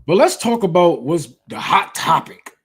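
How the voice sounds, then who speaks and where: A man's voice: high-pitched, sing-song, normal speed, husky. A man from Detroit hosting a casual livestream, talking bluntly and heatedly with lots of profanity. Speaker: livestream host.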